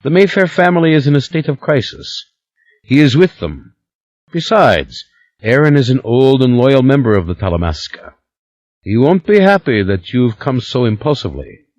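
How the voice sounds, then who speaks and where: A man reading an audiobook, voicing a big, calm man with a Scandinavian accent who speaks in a low, conciliatory way. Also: moderate pace, no echo, dull audio, lightly acted.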